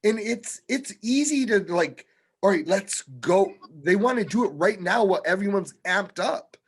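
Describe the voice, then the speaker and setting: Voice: medium pitch, lively intonation, moderate pace, husky. A panelist arguing a point earnestly in a casual chat.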